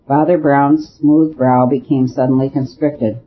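A man reading a story aloud as an audiobook narrator, in a measured, even way. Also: medium pitch. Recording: dull lo-fi recording with faint hiss.

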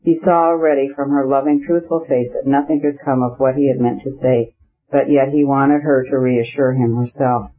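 A man reading a classic novel aloud as an audiobook narrator, measured and even. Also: medium pitch. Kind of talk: scripted narration. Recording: slightly muffled audio.

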